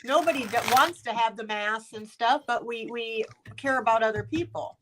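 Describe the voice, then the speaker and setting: A woman joins a casual group chat on a video call and asks short, curious questions. Her voice sits slightly high. A faint background hiss runs behind her. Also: normal speed, a bit bright, poor audio.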